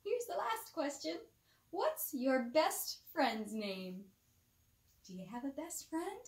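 A woman presenting a bedtime Bible lesson for children, animated and coaxing, asking questions and dropping to soft whispers, recorded with a roomy echo. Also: high-pitched, takes it slowly.

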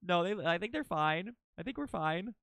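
A young man streaming a game live, narrating dramatically and swinging between loud panic and low, repetitive mutters. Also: lively intonation, moderate pace, gravelly, smooth, dry recording.

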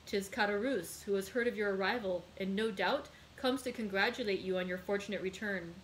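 A woman reading aloud, voicing a frail, gentle elderly father in a slow, soft manner. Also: mid-range voice, slight background noise, lightly acted, poor audio.

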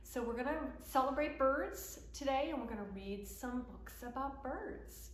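A woman's voice: sits high, lively intonation, measured pace. A woman running a children's story time, reading picture books aloud and singing, cheerful and sing-song. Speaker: children's librarian. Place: library. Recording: echoey room with faint background noise.

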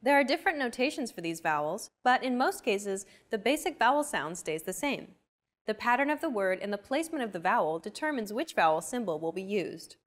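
A woman's voice: medium pitch, very animated, brisk. Woman hosting a scripted language lesson. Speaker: lesson host.

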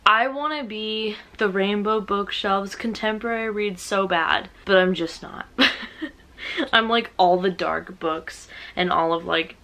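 A woman's voice: medium pitch, takes it slowly, bright, forceful tone. Chatty young woman vlogging casually. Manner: chatty, rambling and self-mocking. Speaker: book vlogger. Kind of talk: casual vlog chat. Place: home, indoors at night.

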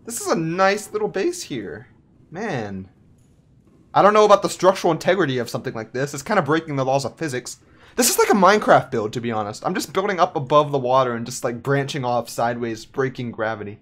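A man giving casual, self-mocking let's play commentary while building in a game, animated and giggly. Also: mid-range voice, brisk. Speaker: gameplay host.

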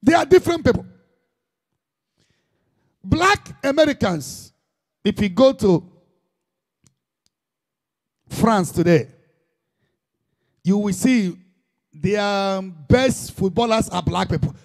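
A man's voice: high voice, animated, slow, long pauses. A man preaching an impassioned sermon in Igbo-accented Nigerian English, dropping in Igbo phrases.

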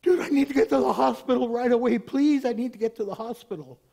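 Man playing a frantic guy begging for a ride, high and urgent. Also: quick pace, creaky, mellow, exaggerated voice. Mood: pleading. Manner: urgent, pleading. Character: desperate man rushing to hospital.

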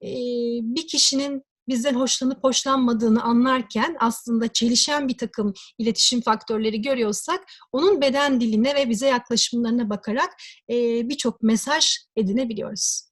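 A woman lecturer explaining communication at a measured pace, pausing often with fillers. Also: fairly high pitch. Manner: measured, with frequent hesitation fillers. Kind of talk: recorded lecture.

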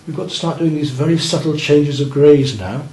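During a beginners' painting lesson, a male art teacher with a fairly high, darkish voice speaks at a normal speed as he paints. He encourages his students and checks their work. The classroom sounds roomy, with faint noise.

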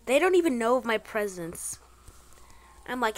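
A woman giving excitable, slangy commentary over her own gameplay, bursting into exclamations. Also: fairly high pitch, moderate pace. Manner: playful trolling banter, slangy. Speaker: gaming channel host.

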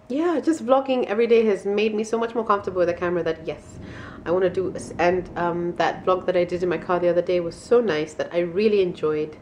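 A woman's voice: on the low side, darkish tone, a little hiss or hum. A woman vlogging at home in a casual, bubbly way, laughing often as she talks to the camera. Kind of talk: casual vlog chat. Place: at home, indoors.

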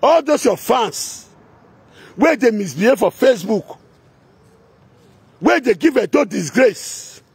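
A man's high-pitched, gravelly voice carries a breathy edge, recorded with no echo. Speaking in a Nigerian Pidgin Edo accent, he goes on a heated, confrontational rant that keeps slipping into repetitive singsong chanting.

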